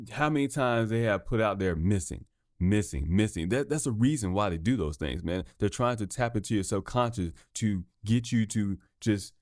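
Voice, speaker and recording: A man's voice: on the low side, darkish tone, dry recording, studio quality. A man hosting a solo podcast, ranting in a heated, profane way, often stumbling and repeating himself. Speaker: podcast host.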